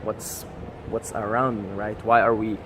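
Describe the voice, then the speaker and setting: A man's voice: lowish voice, level tone, a little slow. Man, casual vlog monologue, passionate, profane, faint city traffic noise. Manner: passionate, profane, repeats "right?". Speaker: vlogger. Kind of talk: casual motivational monologue to camera.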